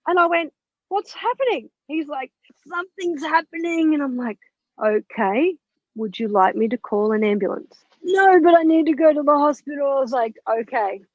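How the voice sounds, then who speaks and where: A woman telling a personal story as a podcast guest, animated and candid, with swearing and laughter. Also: high-pitched, normal speed, no room sound. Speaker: podcast guest, spiritual mentor. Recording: dull lo-fi, dry sound.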